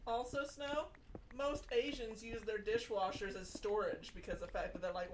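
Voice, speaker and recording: A woman's voice: mid-range voice, fairly even intonation, moderate pace, background noise. A woman talking bluntly and crudely in a casual livestream chat.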